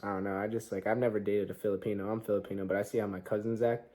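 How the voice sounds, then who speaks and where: A man chatting casually, relaxed and hesitant, with many fillers. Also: fairly low pitch, rapid-fire. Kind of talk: casual chat.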